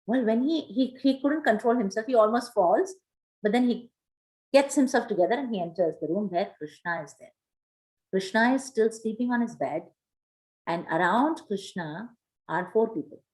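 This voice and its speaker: A woman teaching a scripture class, retelling a story in an animated way with many fillers. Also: fairly high pitch, normal speed, rough recording.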